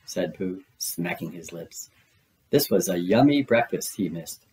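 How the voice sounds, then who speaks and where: Expressive man reading a children's story. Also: lowish voice, a little slow, low-quality recording. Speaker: storybook reader. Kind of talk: children's read-aloud narration.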